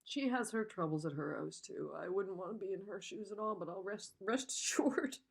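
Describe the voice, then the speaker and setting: A woman's voice: medium pitch, normal speed, vocal fry, husky. A woman in her fifties venting in a vlog, upset and telling a rambling, profane story. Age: 50s. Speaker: vlogger. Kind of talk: emotional personal venting.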